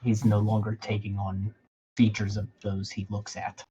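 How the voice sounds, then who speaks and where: A man's voice: on the low side, completely flat delivery, moderate pace, mellow, dull audio, slight background noise. A man playing a tabletop game, describing his character in a plain, matter-of-fact way. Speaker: player.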